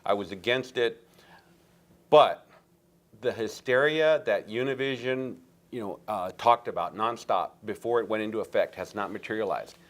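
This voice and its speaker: A man appearing as a guest on a political talk show, explaining his position at length in a deliberate way. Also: on the low side. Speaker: guest commentator.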